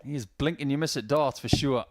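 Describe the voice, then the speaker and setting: A man's voice: mid-range voice, fairly quick, dry recording. A man commentating on a darts match, breaking down the players' throwing technique in detail. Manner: analytical, explains throwing technique at length. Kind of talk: live sports commentary.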